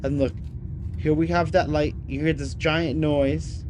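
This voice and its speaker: Excitable, chatty host reacting to clips, middling pitch, steady hiss of noise behind. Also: measured pace. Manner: excitable, chatty, says "y'all". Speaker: YouTube host reacting to videos. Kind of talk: excited casual commentary. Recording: noticeable background noise.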